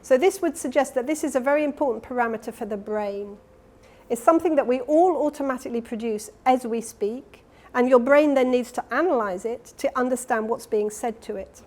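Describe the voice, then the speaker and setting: A woman's voice: fairly high pitch, a little fast, darkish tone. Woman giving an academic lecture. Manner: explanatory, with self-corrections and fillers. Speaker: keynote lecturer. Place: conference hall.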